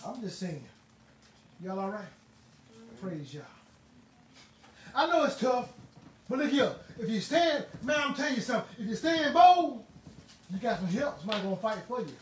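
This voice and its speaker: A man preaching a sermon in a fervent, emphatic way, now and then bursting into shouts. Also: very high voice, sing-song, normal speed, long pauses. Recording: roomy, distant mic, faint ambient noise.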